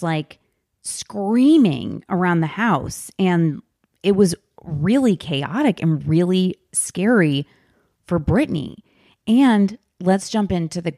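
A woman's voice: on the low side, a little mellow, dry recording, studio quality. A woman hosting a casual podcast book discussion, chatty and emphatic. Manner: chatty, emphatic, fast bursts with stretched words. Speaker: podcast host.

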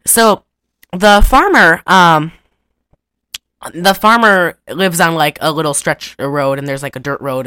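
A woman chatting casually as a podcast co-host, retelling a cartoon with giggles and quick voice impressions. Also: on the low side, fairly bright tone, no room sound, clean studio sound. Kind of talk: casual chat.

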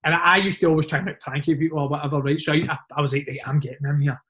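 A Scottish man with a fairly high voice tells dressing-room stories in a loose, animated way. He talks like a former footballer catching up with a mate, dropping "mate" and "like" into nearly every line. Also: racing. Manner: animated anecdotes, frequent "mate" and "like". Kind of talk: casual storytelling chat.

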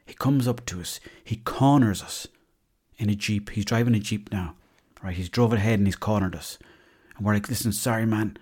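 A man's voice: on the low side, normal speed, a little mellow, slightly rough. An Irish man hosting a podcast, telling comic stories in a chatty way and swearing freely. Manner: chatty, swears freely, tall-tale humour. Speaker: podcast host. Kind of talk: casual comic storytelling.

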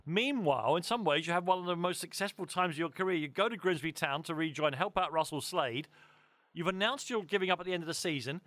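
A male interviewer asking long questions, halting and restarting as he frames them. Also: fairly high pitch, fairly bright tone, no echo.

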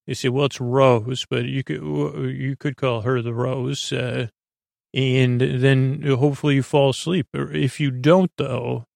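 A man hosts a sleep podcast in a loose, wandering monologue, often breaking off mid-phrase to chase silly tangents. His voice has a gravelly edge at a middling pitch. The sound is dry and close, with no room echo. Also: fairly even intonation, measured pace, a little mellow. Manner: meandering, self-interrupting, goofy digressions. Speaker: podcast host. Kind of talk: rambling bedtime podcast monologue.

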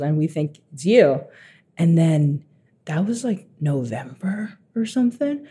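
An eighteen-year-old man telling stories as a guest, animated, laughing often and acting out what others said. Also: high-pitched. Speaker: guest artist. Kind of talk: casual storytelling.

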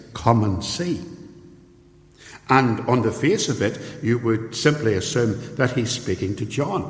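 A man preaching a sermon in an earnest, emphatic way, rising higher on his key points. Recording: echoey hall with long reverb.

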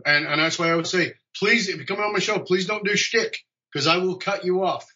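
A man telling stories as a podcast guest over a video call, animated and jokey. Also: high voice, brisk, muffled recording. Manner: animated, jokey, acts out quoted dialogue. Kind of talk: conversational storytelling.

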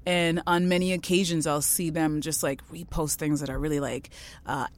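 A woman from the Caribbean, a podcast guest chatting casually and telling a story frankly with lively swings in pitch and loudness. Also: normal speed. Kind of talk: casual chat.

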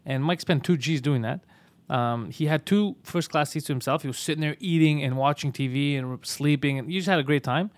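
A man hosting a podcast, telling an animated, profane story in casual chat. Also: fairly high pitch, brisk, no room sound. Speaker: podcast host.

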